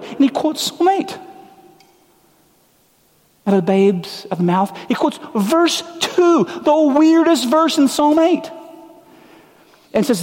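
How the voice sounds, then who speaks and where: A man's voice: high-pitched, very animated, measured pace, a little mellow, in a large hall. A man preaching a sermon in a casual, conversational way, with slang and frequent restarts. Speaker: pastor.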